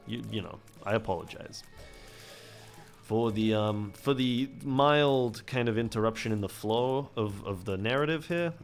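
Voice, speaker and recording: A young man giving casual game commentary while he plays, rambling off on tangents and putting himself down. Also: on the low side. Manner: rambling, digressive, self-deprecating. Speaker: gameplay commentator.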